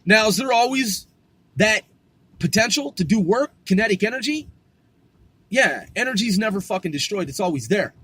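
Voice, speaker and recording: A man's voice: sits high, animated, moderate pace, bright, forceful tone, slightly rough, no room sound. A man delivering a rambling, profane philosophical monologue, firing rhetorical questions at the listener and repeating himself. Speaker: vlogger.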